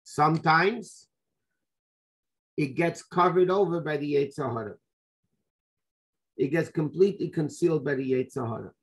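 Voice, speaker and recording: A man giving a lively Torah class as a rabbi, telling the story with rhetorical questions and Hebrew and Yiddish terms mixed in. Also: on the high side, moderate pace, pauses often.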